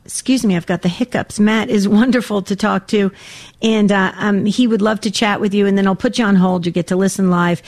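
A woman's voice: medium pitch, steady tone, fairly quick, darkish tone. A woman co-hosting a call-in radio show in a studio, speaking earnestly with some ums and restarts. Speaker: radio talk show co-host. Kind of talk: casual call-in radio talk. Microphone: studio mic.

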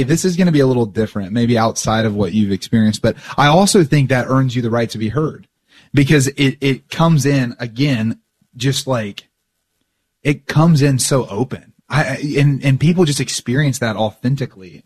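A man hosting a casual faith conversation, asking questions and affirming his guest with frequent fillers. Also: medium pitch. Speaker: podcast host.

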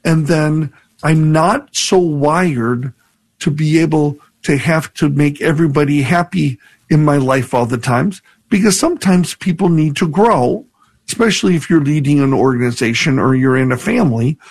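Male priest on talk radio, reflective and earnest, slightly high voice. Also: normal speed, darkish tone.

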